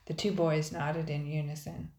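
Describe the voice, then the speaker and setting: A woman reading a children's story aloud in a measured, gentle manner, recorded in an echoey room. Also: sits low, flat delivery, creaky. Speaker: narrator.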